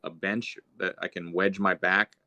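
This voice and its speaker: A young man hosting a podcast, telling a story in a relaxed, rambling way with lots of fillers. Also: sits low, a little slow, lo-fi sound. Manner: laid-back rambling with many fillers. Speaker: podcast host. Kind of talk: casual storytelling chat.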